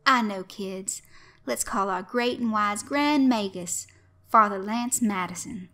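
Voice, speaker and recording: A woman voicing a showy male host of a children's stage show, coaxing and shouting to the kids. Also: medium pitch, takes it slowly. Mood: hammy. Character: loud jovial male kids' show host.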